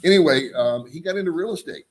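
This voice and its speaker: A man's voice: a little high, expressive, fast. A man hosting his own vlog, chatting casually and loosely, with frequent ums and chuckles. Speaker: vlog host. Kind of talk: casual rambling vlog chat.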